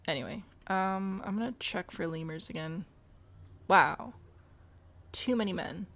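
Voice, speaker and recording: A woman's voice: fairly low pitch, moderate pace. A woman chatting casually through a zoo-building game, thinking aloud and talking back to the animals. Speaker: game streamer. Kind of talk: casual let's-play commentary.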